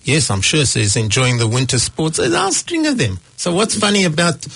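A man in a casual debate about comedy, telling jokes with animated asides. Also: a little high, brisk, vocal fry, husky.

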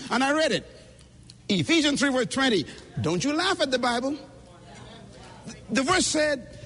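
Pitched very high and slightly bright, this man's voice has a sing-song lilt and a fairly quick pace. He addresses a conference audience directly with a forceful, preacher-style motivational speech, captured in an echoing hall.

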